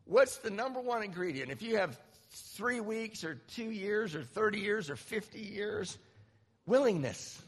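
A man in his fifties from Southern California, speaking at a recovery meeting and telling a personal story in an animated, self-mocking way. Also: high-pitched, unhurried, husky. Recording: reverberant hall.

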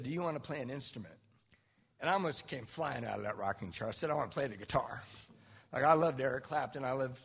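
Guy with a gravelly husky voice telling his recovery story, big hall echo. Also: mid-range voice, fairly bright tone. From Southern California. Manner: candid, self-mocking, halting restarts. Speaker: recovery speaker. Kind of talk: personal story talk.

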